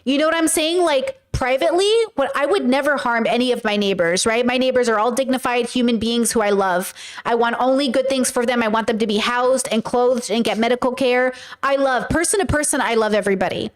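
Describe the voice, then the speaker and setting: Woman streamer, slightly high voice, casual emphatic commentary with slang, chatty with viewers. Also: fairly quick. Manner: emphatic, slangy, talks straight to chat.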